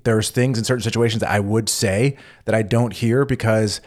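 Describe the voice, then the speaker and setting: Man, somewhat low voice, easygoing hesitant chat. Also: fairly even intonation, moderate pace, a little mellow. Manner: hesitant, easygoing, repeats words. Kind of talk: casual chat.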